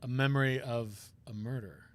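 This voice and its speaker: A man's voice: medium pitch, steady tone, moderate pace, voice pushed down, natural voice. A man voicing a stiff, gloomy male prosecutor in a visual novel read-aloud, speaking in a hesitant, half-whispered way. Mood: brooding.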